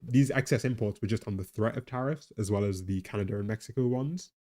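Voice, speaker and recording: Talking fast in a fairly low, mellow voice, a tired man with a weak Geordie accent livestreams a casual chat. He laughs and wanders on about the economy, breaking off to speak to the chat and his pet.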